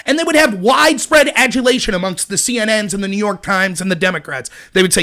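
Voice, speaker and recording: A man with a strikingly high voice hosts his own live-streamed political commentary. He talks in an animated, indignant rant, pressing his points hard. His tone stays heated without tipping into yelling. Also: fast talker, few pauses.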